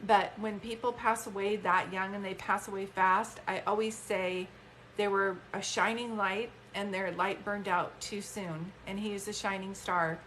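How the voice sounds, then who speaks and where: A woman's voice: mid-range voice, steady tone, measured pace, few pauses, fairly bright tone, a little hiss or hum. A woman, a psychic medium chatting heartfelt and casual on a phone live stream. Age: 50s. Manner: chatty, heartfelt, many fillers.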